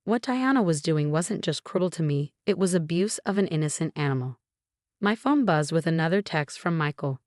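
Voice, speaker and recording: A woman narrating a first-person scripted story in a steady, measured way. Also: low-pitched, no echo, clean studio sound.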